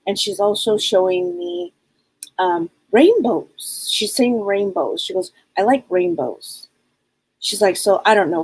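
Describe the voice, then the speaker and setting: A woman psychic medium on a live show, passing on messages in a halting, repetitive way and speaking them in the first person. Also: mid-range voice, husky, no echo, low-quality recording.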